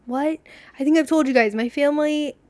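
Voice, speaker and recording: A young woman with a high voice talks a little fast on her podcast, telling casual, rambling stories with frequent laughter and acted-out quotes. There's no room sound.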